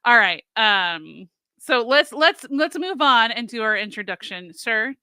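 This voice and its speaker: Bright-voiced chatty woman co-host. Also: on the high side, lively intonation, a little slow, clean tone, no echo. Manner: chatty, laughing, self-deprecating. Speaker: podcast co-host. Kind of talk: casual chat.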